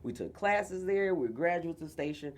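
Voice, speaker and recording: Low-voiced woman comedian with a wide, animated delivery. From Houston, Texas. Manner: animated storyteller, quick to laugh. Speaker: improv comedian, guest. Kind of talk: casual chat.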